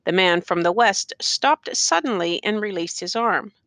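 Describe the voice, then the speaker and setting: Bright-voiced woman reading a story. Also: mid-range voice, expressive, measured pace, no echo. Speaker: audiobook reader. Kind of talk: reading a short story aloud.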